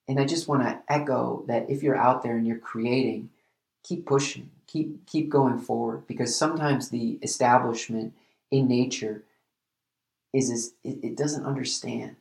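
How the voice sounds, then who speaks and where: A man hosting a solo podcast, talking earnestly and reflectively, often halting and restarting his sentences. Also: mid-range voice, gravelly, darkish tone, roomy sound. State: emotional at times. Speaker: podcast host.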